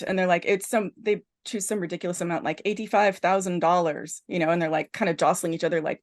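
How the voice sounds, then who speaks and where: A woman podcast host in casual chat, retelling a film plot as an animated storyteller full of restarts. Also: on the low side, quick pace, few pauses.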